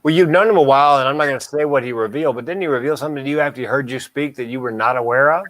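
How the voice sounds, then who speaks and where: A man co-hosting a relaxed podcast, slipping dark jokes about himself into his talk and laughing at them. His voice sits in a middle pitch. The sound is dry and close, with no room around it. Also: very fast, dry recording. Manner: dark self-deprecating humor, laughs at own jokes. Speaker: podcast co-host and mental health speaker. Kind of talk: casual podcast chat.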